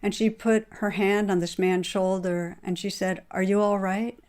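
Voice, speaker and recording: A middle-aged woman giving a dharma talk as a meditation teacher, retelling a story in a calm, measured way. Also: mid-range voice.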